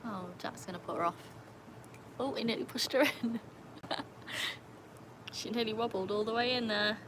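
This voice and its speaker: A young woman hosting a casual live stream by a pool at night. She chats, laughs often and calls to her dogs in a high sing-song voice. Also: moderate pace, noisy background. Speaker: livestream host. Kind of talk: casual live-stream chat reading comments.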